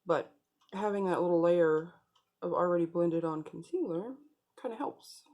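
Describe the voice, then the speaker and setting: A woman's voice: on the low side, moderate pace, dark tone. A woman beauty vlogger talking viewers through a makeup tutorial in a casual, chatty way, speaking straight to them.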